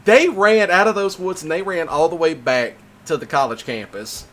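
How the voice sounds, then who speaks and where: A man hosting a casual chat, telling stories in an animated way, laughing often and swearing freely. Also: fairly high pitch, moderate pace. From Mississippi. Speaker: host.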